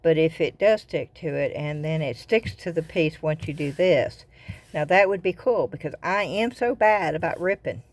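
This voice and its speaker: Older woman, Southern accent, rambling craft chat, somewhat low voice. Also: lively intonation, moderate pace, no echo. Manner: chatty, rambling, repeats words. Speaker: craft vlogger. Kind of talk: casual chat.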